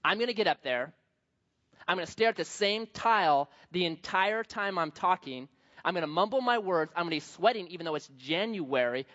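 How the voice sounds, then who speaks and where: A man of middle age delivers a sermon in an animated storytelling way, jumping between characters' voices. His pitch rises and falls widely. The sound is slightly dull and muffled. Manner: animated storytelling with acted quotes. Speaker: pastor.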